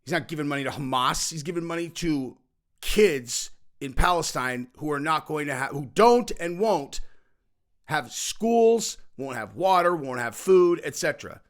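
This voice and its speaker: A man's voice: on the high side, expressive, moderate pace. Emphatic male podcast host. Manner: emphatic, repeats phrases, acts out other people's reactions. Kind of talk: opinionated commentary monologue.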